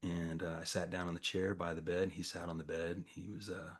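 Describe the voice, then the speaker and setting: Middle-aged man with a low, husky voice, telling a story in relaxed conversation. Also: fairly quick. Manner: conversational, acts out quoted dialogue, frequent fillers. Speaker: storyteller recounting a campus crisis. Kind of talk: casual spoken storytelling to a small audience.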